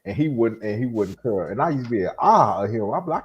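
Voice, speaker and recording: A man's voice: mid-range voice, fast talker, slightly rough, highs cut off. A middle-aged man, telling stories in casual chat and acting out quotes. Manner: animated storyteller, acts out quotes.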